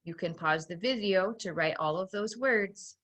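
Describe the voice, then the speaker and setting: A woman teaching a recorded phonics lesson to young children, patiently guiding them step by step and slowly sounding out each sentence. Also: mid-range voice, a bit bright. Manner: slow, clearly sounding out dictated sentences.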